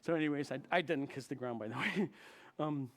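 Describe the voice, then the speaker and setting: Animated storytelling man, fairly high voice. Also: a little fast. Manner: animated, acts out dialogue with big jumps in pitch and volume. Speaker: chaplain. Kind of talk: storytelling testimony to a congregation. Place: church.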